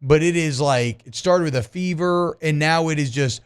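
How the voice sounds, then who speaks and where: A talk radio host, a fairly high voice for a man. He banters casually with his co-hosts and leans into over-the-top pitchman delivery when reading sponsor spots. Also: normal speed, smooth. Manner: animated, hammy pitchman on ad reads. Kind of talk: casual sports radio chat with live ad reads.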